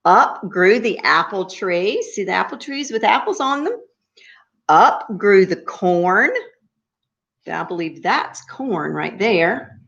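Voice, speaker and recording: A woman reading a story to young children, gentle and sing-song, often pausing to ask them questions. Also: medium pitch, lively intonation, vocal fry, lo-fi sound.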